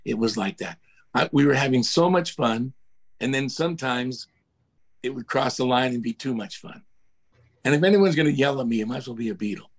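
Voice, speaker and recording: Husky older man telling animated stories. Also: medium pitch, brisk. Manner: animated storyteller, mimics voices, laughs at himself. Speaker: guest, music producer. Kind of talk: casual storytelling interview.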